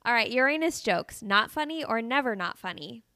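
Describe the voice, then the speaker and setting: A woman's voice: on the high side, expressive, normal speed, pushed and bright, dry recording, studio quality. A woman co-hosting a podcast, reacting with giggles and asking questions in casual chat. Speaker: podcast co-host.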